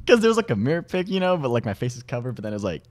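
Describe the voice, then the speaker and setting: A young man from Washington State, a podcast guest in casual chat, telling animated stories and laughing often. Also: mid-range voice, rapid-fire, heavy background noise.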